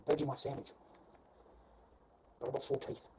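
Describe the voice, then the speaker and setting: A man's voice: medium pitch, completely flat delivery, normal speed, a little mellow. A man with an Australian accent ranting in a rambling, profane way, repeating himself and laughing between lines. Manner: swears constantly, repeats himself, laughs mid-sentence. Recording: noisy background hiss.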